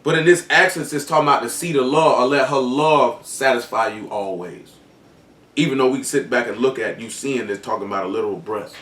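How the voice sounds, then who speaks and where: Echoey, distant preacher, raised voice. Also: male voice, mid-range voice, brisk, fairly bright tone. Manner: reads scripture aloud, then explains it in loose colloquial speech. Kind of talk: sermon.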